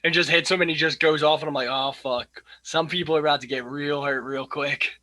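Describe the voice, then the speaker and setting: A man co-hosting a casual movie podcast, excitable and swearing freely as he recalls scenes. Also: fairly high pitch, fast, slight background noise. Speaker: podcast co-host. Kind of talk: casual movie review chat.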